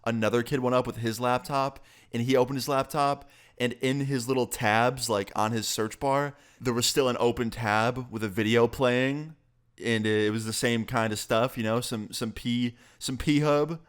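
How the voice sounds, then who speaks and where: A young man tells a story from his school days to his viewers. He talks casually and swears freely. His voice is mid-pitched, and his delivery is animated. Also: moderate pace, smooth. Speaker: vlogger.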